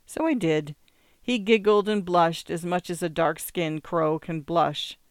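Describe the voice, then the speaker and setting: Wry, smooth-voiced male story reader. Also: on the high side, unhurried, dry recording, clean studio sound. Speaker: audiobook reader. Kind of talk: first-person story narration.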